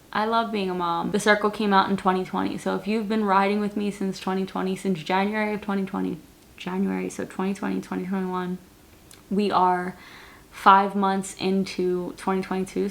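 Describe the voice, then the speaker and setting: A woman in her late twenties, chatting casually in a Q&A vlog, rambling and repeating words, with lots of "like" as she answers viewers. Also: medium pitch. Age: late 20s. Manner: answers viewer questions straight to camera. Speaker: vlogger.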